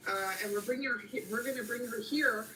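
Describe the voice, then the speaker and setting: A woman's voice: a little high, quick pace, bright, forceful tone, reverberant, distant mic, a little hiss or hum, rough recording. A young woman telling a story in casual chat, rambling and slangy with lots of fillers.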